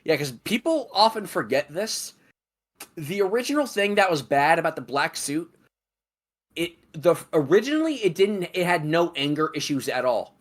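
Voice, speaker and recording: A man's voice: fairly high pitch, expressive, moderate pace. Opinionated, swearing man co-hosting a stream. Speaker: stream moderator and co-host. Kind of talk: casual chat about a video game.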